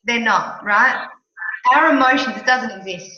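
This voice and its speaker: A middle-aged Australian woman coaching with emphatic, animated talk, often checking in with her listener. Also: fairly high pitch, a little slow. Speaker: mentor and coach. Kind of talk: motivational coaching chat. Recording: echoey room, dull lo-fi sound.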